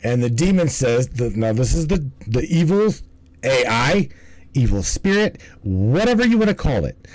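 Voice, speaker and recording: A man's voice: mid-range voice, sing-song, normal speed, a little mellow, rough recording. A man hosting a livestream in casual commentary, rambling and swearing, often stumbling and restarting his words. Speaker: livestream host.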